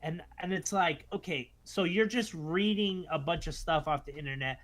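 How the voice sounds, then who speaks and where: A fairly high-pitched man co-hosting a faith podcast. He talks in quick, animated bursts and drops into mocking voices to mimic the people he disagrees with. The tone stays casual and conversational throughout. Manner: animated, acts out what others say in mocking voices. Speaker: co-host.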